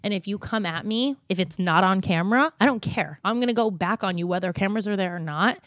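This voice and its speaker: A woman's voice: mid-range voice, no room sound, clean studio sound. Blunt, profane woman. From New Jersey. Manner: blunt and profane, fast storytelling with lively quoted voices. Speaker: former reality TV cast member. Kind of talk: casual chat.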